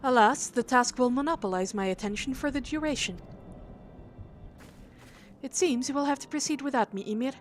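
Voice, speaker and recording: Woman reading as a poised game scholar, formal and measured, fairly high voice. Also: a little hiss or hum, natural voice. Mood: thoughtful. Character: calm, learned female scholar.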